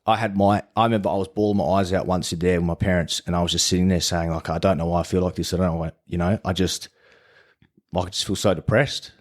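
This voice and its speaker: A man's voice: deep voice, fairly even intonation, quick pace. An Australian man telling his story as a podcast guest in a casual, laid-back way and swearing freely. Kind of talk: casual chat.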